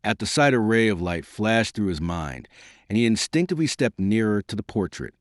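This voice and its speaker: A man narrating a classic novel as an audiobook in a dramatic, expressive reading. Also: on the low side, fairly quick, no echo, clean studio sound.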